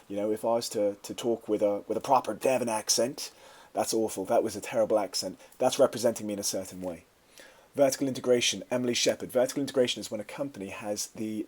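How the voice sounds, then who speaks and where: A man's voice: lowish voice, a little mellow. A man teaching media studies, answering viewer questions in a casual live-streamed revision session, with frequent fillers.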